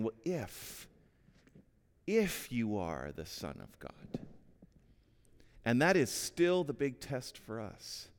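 A man's voice: medium pitch, darkish tone. A man in his forties preaching a sermon in a church hall, earnest and conversational, often repeating a word as he starts a phrase. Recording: long reverb of a hall.

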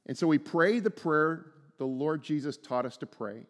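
Earnest preacher in an echoing sanctuary. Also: male voice, fairly high pitch, animated, moderate pace, hardly any pauses. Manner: earnest, swings from hushed to emphatic, repeats words when starting. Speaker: pastor. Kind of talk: sermon. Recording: long reverb from a large room.

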